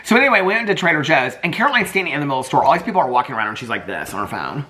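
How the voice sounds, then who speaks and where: A man tells a rambling story in a casual vlog, full of fillers and quoted lines. His pitch swoops up and down a lot. His tone is bright and clear. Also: very animated, very fast. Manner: chatty, rambling, lots of fillers and quoted dialogue. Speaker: vlogger.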